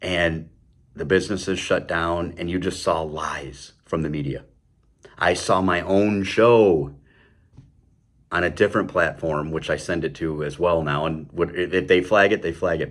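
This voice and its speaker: A man hosting his own show, delivering an impassioned political commentary monologue, heated and stumbling over repeated words, with mocking sarcastic asides. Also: low-pitched. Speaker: show host.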